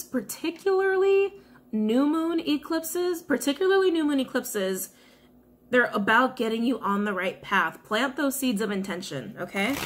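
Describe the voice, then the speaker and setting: A woman's voice: on the high side, background noise. A woman giving a casual, chatty tarot reading to viewers, often repeating her questions to the cards. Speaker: tarot reader.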